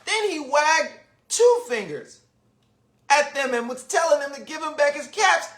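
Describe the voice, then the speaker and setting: A man reading a children's storybook aloud online, with animated, chatty asides to young listeners. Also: very high-pitched, unhurried. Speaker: children's book reader, literacy founder. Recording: roomy echo.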